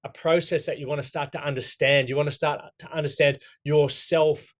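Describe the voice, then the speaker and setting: A man's voice: a little high, flat delivery, a little fast. An Australian man coaching a room of men through goal setting. He talks plainly and bluntly and drops the odd swear word. He keeps asking "right?" to check the group is with him. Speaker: coach running a men's goal-setting workshop. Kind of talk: casual workshop talk.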